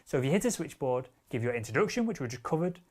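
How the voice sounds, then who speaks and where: A male sales trainer giving instruction at a medium pitch for a man. His delivery is direct and assertive, and his wording is casual and blunt, with the occasional curse word. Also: sing-song, fast, darkish tone. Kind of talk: instructional talk.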